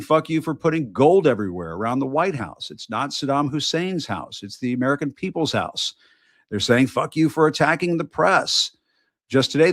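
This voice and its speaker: Middle-aged male news host, fired-up profane monologue, mid pitch, dry close sound. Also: no echo. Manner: emphatic, repetitive, profane; halting restarts and fillers. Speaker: host of an independent news show. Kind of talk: impassioned political monologue.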